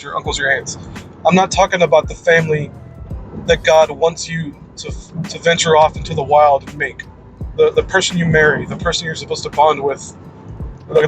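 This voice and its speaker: A man's voice: a little high, rough recording. A man in an unscripted personal monologue, ranting bluntly and emphatically, with frequent swearing. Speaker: video creator.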